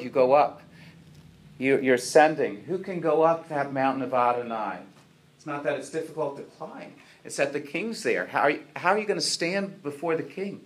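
A man teaching through a psalm with slides, earnest and asking rhetorical questions, with frequent "uh" fillers. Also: on the high side. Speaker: teacher of a Bible study.

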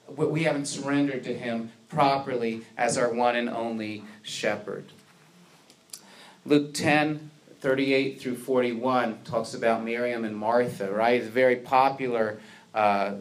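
A man preaching a sermon to his congregation, earnest, asking rhetorical questions and building to emphatic peaks. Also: medium pitch. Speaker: pastor.

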